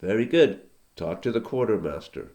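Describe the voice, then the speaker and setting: Man doing a brisk, curt general. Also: on the low side, big pitch swings, darkish tone, voice pushed down. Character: brisk male army general.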